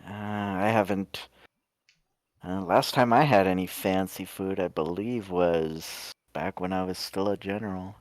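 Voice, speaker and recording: A man's voice: low-pitched, unhurried, no echo. A man voicing an easygoing former general with dry, wry humor. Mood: warm. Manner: relaxed, chuckling, wry.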